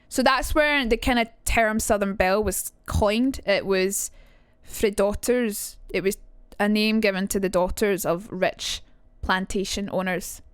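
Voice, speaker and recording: A young adult woman streamer with a mid-range voice, recorded dry, chats casually on a live stream while teaching accents. She reacts to chat and swears casually.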